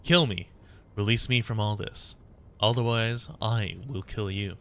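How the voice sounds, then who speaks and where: A man voicing a cold, vengeful woman warlord with fire powers, reading her lines slowly and bitterly. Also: fairly low pitch, steady tone, lightly acted. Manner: slow, menacing and bitter.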